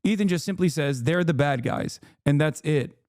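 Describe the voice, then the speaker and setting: A man streaming live, ranting angrily and sarcastically with lots of swearing, his voice going hoarse. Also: a little high, moderate pace, a little mellow, no echo, clean studio sound. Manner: angry, swearing, sarcastic rants. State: losing his voice. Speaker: streamer reacting to a video. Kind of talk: heated livestream commentary.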